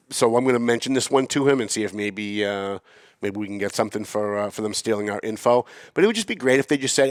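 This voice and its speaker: A man's voice: mid-range voice, no room sound, clean studio sound. A man hosting a local politics podcast, blunt and opinionated, rambling with restarts. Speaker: podcast host. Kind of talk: casual local politics talk.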